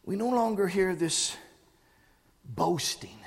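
Male preacher, very high-pitched, impassioned delivery that swells into shouting. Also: big pitch swings, slow pace, gravelly. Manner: impassioned, rising to shouting with "uh" breaths. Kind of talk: sermon.

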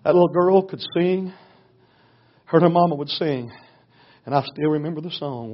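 A man, a pastor preaching a storytelling sermon in a folksy way, going from hushed to loud. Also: fairly high pitch, moderate pace, long pauses. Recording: dull lo-fi recording.

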